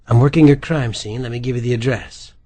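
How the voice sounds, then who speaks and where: A man's voice: mid-range voice, fairly quick, mellow, close to an everyday voice. A man voicing a chatty, teasing woman medical examiner in an audiobook. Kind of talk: audiobook character voice.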